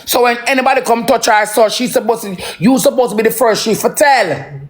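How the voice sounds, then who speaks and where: A parent with a Jamaican accent in an emotional, profane ranting monologue that swings between slow brooding and heated outbursts. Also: mid-range voice. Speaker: social media livestreamer.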